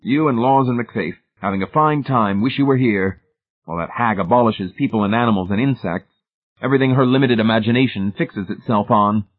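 A man's voice: on the low side, brisk, natural voice. Man playing a curt, grim man. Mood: terse. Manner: curt, terse. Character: grim, determined middle-aged man. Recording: tinny phone-like band.

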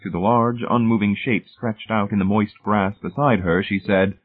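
A man reading an audiobook in a steady, measured narration, recorded with a tinny phone-like sound. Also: lowish voice.

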